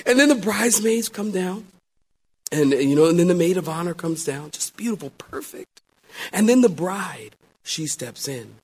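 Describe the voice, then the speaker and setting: A middle-aged man, a pastor, preaching a sermon and telling a story, swinging between loud exclamations and hushed asides. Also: sits high, lively intonation, normal speed, husky.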